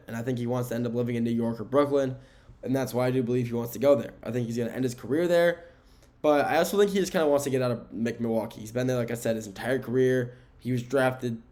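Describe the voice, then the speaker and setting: Man, solo sports podcast host, mid pitch, casual and rambling, self-correcting, recorded indoors. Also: a little mellow. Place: indoor room with window blinds.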